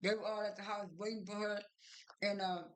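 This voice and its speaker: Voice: mid-range voice, little pitch movement, a little fast. Rambling vlogger retelling a show. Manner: rambling, many fillers and restarts; strings events together with "and then". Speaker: vlogger recapping a reality show. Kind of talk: casual retelling monologue.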